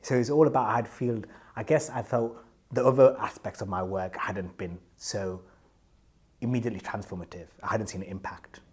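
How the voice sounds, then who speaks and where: A man telling a humorous personal story to an audience, animated and candid, acting out the lines of the people in it. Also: sits low, slightly rough. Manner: animated, acts out other people's quoted lines; self-reflective, candid.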